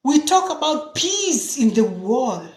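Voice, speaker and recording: A woman's voice: sits high, big pitch swings, takes it slowly, darkish tone. A woman from Sudan, speaking as an activist in impassioned political talk, firing rhetorical questions and restarting her sentences. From South Sudan. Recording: roomy echo.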